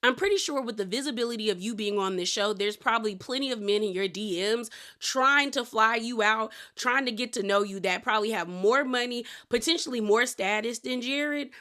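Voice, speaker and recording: A woman talks through a reality TV recap in a casual, opinionated way, tossing in slang and "girl" asides. Her voice sits a little high and sounds bright and forceful. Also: a little fast. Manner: chatty, opinionated, slangy, addresses people as "girl".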